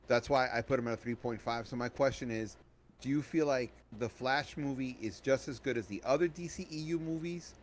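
A man co-hosting a podcast, asking probing questions in relaxed conversation with joking asides. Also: medium pitch, a little fast, a little hiss or hum. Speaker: podcast co-host. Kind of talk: casual movie review chat. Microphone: podcast microphone.

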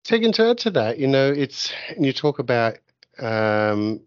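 A man's voice: mid-range voice, big pitch swings, measured pace, no echo. A man hosting a podcast, talking in a rambling, chatty way with many fillers as he builds up to a question. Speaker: podcast host. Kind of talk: podcast interview. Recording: dry, slightly muffled podcast audio.

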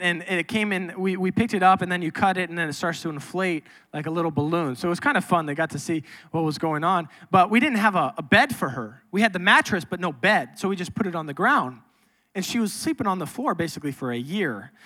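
High bright-voiced male preacher. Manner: emphatic, swings from loud to soft. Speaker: pastor. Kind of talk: sermon.

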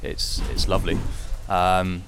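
Modest British man, lowish voice. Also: monotone, unhurried, over music. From South Wales, UK. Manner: modest, laughing easily, hesitant fillers. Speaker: doctor, guest rider. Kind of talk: casual interview.

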